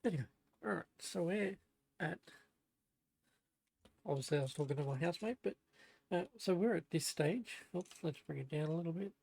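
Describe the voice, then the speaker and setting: A woman live-streaming at home, murmuring quietly to herself as she builds. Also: lowish voice, moderate pace, gravelly, pauses often, breathy edge, dry recording. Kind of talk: casual live-stream commentary. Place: home room.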